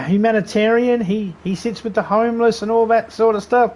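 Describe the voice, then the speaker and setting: A man's voice: high voice, steady tone, a little fast, few pauses, a little mellow. A man streaming a video game live, riffing in crude, rambling banter and laughing at his own jokes.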